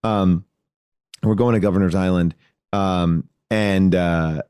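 A man telling a story as a podcast guest, animated and rambling, acting out voices as he goes. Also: low-pitched, takes it slowly, smooth, no room sound, clean studio sound. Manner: animated, acts out voices in his anecdotes; loose and rambling, many fillers and restarts. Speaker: podcast guest, actor and comedian. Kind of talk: casual storytelling chat.

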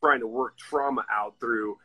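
A man's voice: medium pitch, steady tone, measured pace, bright, forceful tone, rough recording. A man hosting a live stream, chatting casually, who speaks bluntly and swears freely.

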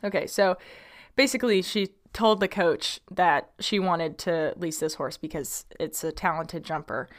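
A woman's voice: fairly low pitch, a little slow. A young woman hosting a casual podcast, reading out a listener's question and chatting about it with many ums and likes. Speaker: podcast host.

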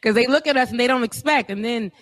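A man co-hosting a talk show, saying a guest goodbye in a warm, reassuring way. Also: very high voice, quick pace, crowd noise. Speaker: co-host. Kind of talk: casual political chat.

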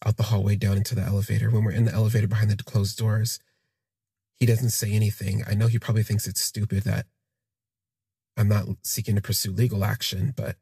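A man telling a personal story in the first person, in a halting, reflective way that trails off and restarts. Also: fairly low pitch, gravelly, dark tone, slightly rough, no room sound, studio quality. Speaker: podcast storyteller.

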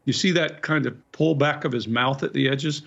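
A man, a body language expert, briskly explaining facial expressions on a news segment. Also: mid-range voice, vocal fry, fairly bright tone. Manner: explains briskly, points out details. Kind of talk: analytical commentary on video. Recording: dull lo-fi remote audio.

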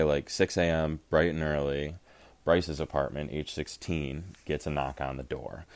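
A young man with an extremely deep, low voice tells a rowdy story on a podcast, animated and loose, full of fillers and curse words. He jumps into other people's voices as he quotes them. The sound is dry and close, with no room behind it. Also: no room sound. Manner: animated, acts out quotes, lots of fillers and swearing. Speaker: podcast co-host. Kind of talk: casual storytelling.

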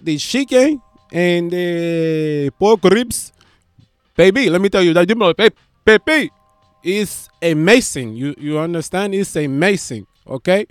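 Dude doing a cocky accented guy, smooth voice, rambles, keeps saying papi, dry close mic. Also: high-pitched, animated, unhurried, dry recording, soft background music, pitched above the performer's own voice. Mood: excited. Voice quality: Dominican-style accent put on, slangy. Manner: swaggering, rambling, calls listener papi and baby. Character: boastful grown man with a put-on Dominican accent. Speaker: stand-up comedian.

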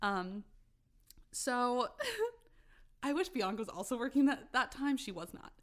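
A young woman on a podcast telling a story in casual chat, animated, swearing freely and laughing as she goes. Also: a little high, unhurried. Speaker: podcast co-host.

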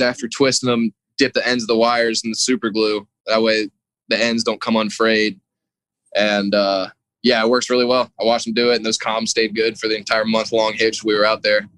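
A man in his twenties, a commercial diver and podcast guest, chatting in a relaxed way with frequent laughs. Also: on the low side, moderate pace, smooth, no room sound, low-quality recording. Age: 20s. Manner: laid-back, laughs often, swears freely. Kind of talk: casual podcast chat.

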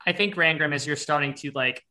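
Bright-voiced young man running a tabletop game. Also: a little high, steady tone, fairly quick. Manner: rambling, many fillers and restarts. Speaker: game master.

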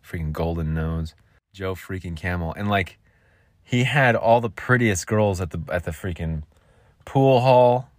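A man's voice: low voice, a little slow, no room sound, clean studio sound. Rambling goofy man hosting a podcast. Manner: goofy, rambling, jokey asides. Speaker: podcast host. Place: makeshift home vocal booth.

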